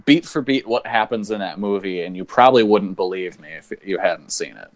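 A man's voice: on the low side, brisk. Enthusiastic man in casual chat. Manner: enthusiastic, profane. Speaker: podcast co-host.

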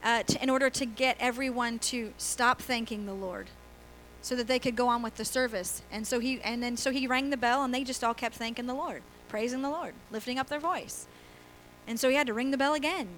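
High bright-voiced lady pastor, chatty sermon in church, tells stories n laughs, faint hum behind. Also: brisk, poor audio. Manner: conversational storytelling with laughs and acted quotes.

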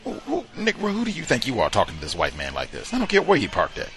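A man's voice: mid-range voice, huge pitch swings, quick pace, a bit bright, faint music behind, voice pushed up. A man voicing an indignant bigoted man who shrilly scolds a black worker. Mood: outraged.

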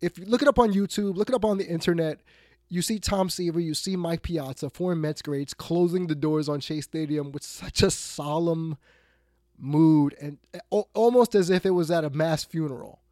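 A man's voice: a little high, moderate pace, no room sound. Exasperated male sports talk host, dry mic. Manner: blunt, exasperated, swings between loud outbursts and muttered asides. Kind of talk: ranting sports talk monologue.

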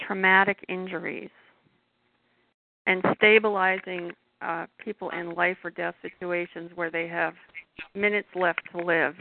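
A middle-aged woman with a gravelly voice, speaking in a measured, insistent way as a herbal health guest on a panel talk show. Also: fairly low pitch, no echo. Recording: dry tinny phone-like sound.

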